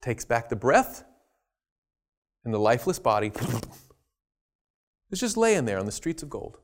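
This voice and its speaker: A man preaching a sermon, telling a story with lively jokey asides. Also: mid-range voice, a little slow.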